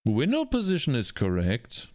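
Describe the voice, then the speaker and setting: Lively, muttering male game developer. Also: medium pitch, moderate pace, no echo, clean studio sound. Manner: mutters to himself, frustrated outbursts and swearing. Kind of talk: live coding commentary.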